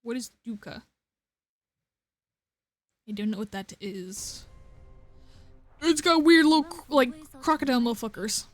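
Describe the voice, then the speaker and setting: A woman's voice: on the high side, animated, a little slow, long pauses, faint music behind. A woman streaming a game, rambling in casual commentary and stumbling over names.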